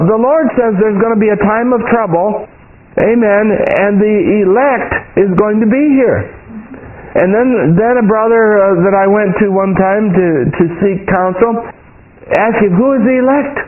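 A male preacher with a high, light voice delivers a sermon with frequent amens and a storyteller's pace. He acts out the prayers he once cried out. The sound is thin and phone-like, as if heard over an old radio broadcast. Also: unhurried. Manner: call-and-response amens, storytelling with quoted prayers.

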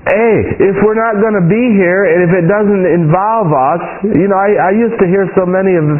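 Man, preacher, high voice, sermon, calls for amens, tells personal stories, tinny phone-like radio sound. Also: moderate pace, a crowd in the background. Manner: call-and-response amens, storytelling with quoted prayers.

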